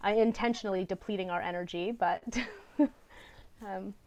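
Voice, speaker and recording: A woman speaks in an unhurried, reflective conversational style. She is earnest and thoughtful and sometimes stops mid-thought to search for a word. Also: mid-range voice, fairly even intonation, dull audio. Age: adult parent. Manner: earnest, gently searching for words, with soft laughs. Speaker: podcast co-host.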